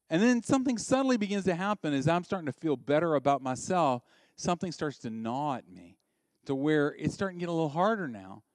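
A man preaching a sermon in a conversational way, asking the listeners questions and swinging from loud, high bursts to quiet, low passages. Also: no echo. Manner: conversational, asks the audience questions.

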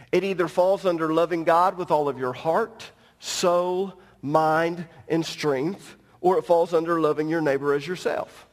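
A man with a high-pitched voice preaches from a church pulpit, explaining scripture with firm emphasis. He speaks directly to the congregation. The sound carries a long reverb from the sanctuary. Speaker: pastor. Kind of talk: sermon.

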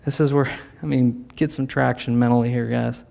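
A man's voice: medium pitch, fairly even intonation, normal speed, creaky, dark tone. A man preaching a sermon in a conversational way, sometimes acting out the voices of the people in his story. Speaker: pastor.

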